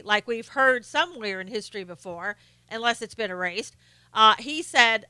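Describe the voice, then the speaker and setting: A woman hosts her own live stream, sharing opinionated, casual political commentary at a moderate pace with frequent fillers and restarts. She pauses to greet chat viewers by name, her bright, crisp, slightly high voice recorded close and dry without room echo.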